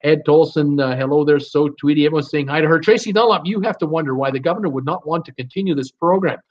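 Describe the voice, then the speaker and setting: A man's voice: fairly high pitch, fast, muffled recording. Chatty man reading live chat. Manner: reads viewer names and comments aloud, stumbles on names; casual, chatty, laughs easily.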